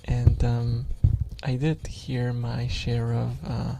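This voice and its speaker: A young man streaming soft-spoken ASMR, rambling with chuckles and slipping into whispers, close to the microphone. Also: medium pitch, monotone, slow, creaky, a little hiss or hum.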